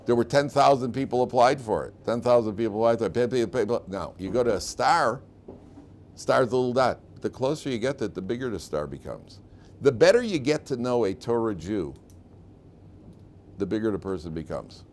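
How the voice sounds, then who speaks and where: A man's voice: mid-range voice, animated, brisk, a little mellow, a little hiss or hum. A middle-aged man, a rabbi teaching a class, telling stories in a chatty, repetitive way and asking his students questions. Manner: chatty storyteller, repeats phrases, asks the class questions. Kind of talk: conversational classroom lecture with stories.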